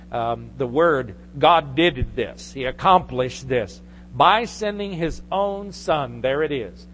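A male pastor preaching a sermon, teaching from scripture and rising to forceful emphasis. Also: medium pitch, slight background noise.

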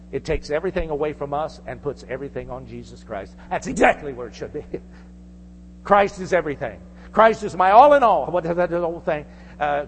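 Fervent high-pitched male preacher. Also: long reverb tail, slight background noise. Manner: fervent, emphatic, rhetorical questions to congregation. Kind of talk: sermon.

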